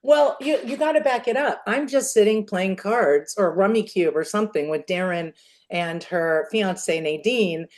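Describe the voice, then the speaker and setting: A woman guest on a podcast, telling stories in an animated, laughing way. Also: mid-range voice, measured pace. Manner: animated storyteller, laughs often. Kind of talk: casual interview chat.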